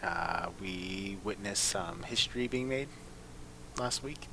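A man co-hosting a casual podcast over a remote call, relaxed and soft-spoken. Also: sits low, a little slow, creaky, background noise. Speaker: podcast co-host.

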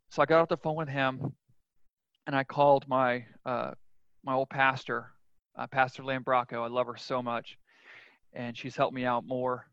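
A man's voice: medium pitch, fairly even intonation, normal speed, fairly bright tone, dry recording. A man speaking as a podcast guest, telling his own story in a frank, earnest, confessional way. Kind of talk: casual interview storytelling. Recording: dull lo-fi dry sound.

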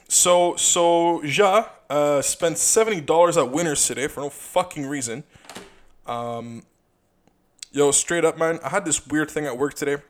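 A young man talks through a casual solo podcast episode, rambling from thought to thought. He leans heavily on fillers and keeps repeating "you know", and he swears freely. His voice sits a little on the high side for a man. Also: lively intonation, normal speed. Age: young adult. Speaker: podcast host.

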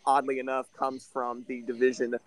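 A man's voice: medium pitch, monotone, normal speed, no room sound, rough recording. Guy on a sports podcast out in a backyard, blunt, runs thru the stats, dry close sound with crickets behind. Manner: blunt, breaks down records and stats. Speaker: podcast co-host. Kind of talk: casual sports podcast chat. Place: backyard, outdoors.

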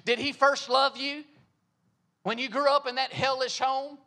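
High-voiced man preaching a sermon. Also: little pitch movement, a little slow, sharp tone. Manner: rhetorical questions, repeating phrases for emphasis.

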